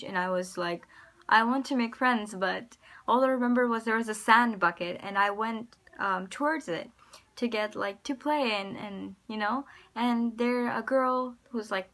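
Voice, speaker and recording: A woman with an American accent, telling personal stories to camera in a casual vlog, rambling and hesitant with many pauses and restarts. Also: medium pitch, fairly bright tone. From United States. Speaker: vlogger.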